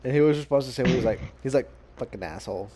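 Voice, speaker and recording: A man's voice: mid-range voice, rapid-fire, background noise. A young man chatting casually while gaming with a friend, swearing often and laughing as he mimics his buddies. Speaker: gaming channel host.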